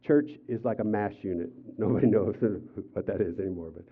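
Older male pastor, lively storytelling sermon. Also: lowish voice, moderate pace, husky. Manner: animated storytelling, acts out quotes with raised voice. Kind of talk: sermon with personal stories. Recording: tinny phone-like sound.

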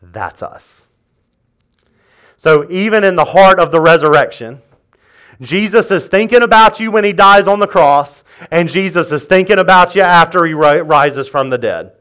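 A man's voice: sits high, moderate pace, a bit bright, smooth. A male pastor preaching in church, conversational and joking, emphatic as he drives his points. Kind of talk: sermon.

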